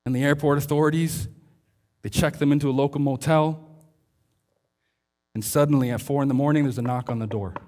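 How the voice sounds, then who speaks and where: A male pastor preaching a sermon, telling a story and slowing down to stress his key lines. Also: mid-range voice, fairly even intonation, darkish tone.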